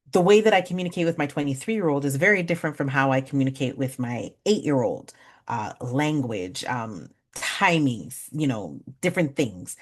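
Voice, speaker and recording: A woman in her forties leading a parenting workshop, talking conversationally, laughing at herself and slowly counting out breathing exercises. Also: deep voice. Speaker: workshop facilitator. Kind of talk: guided breathing exercise and storytelling talk.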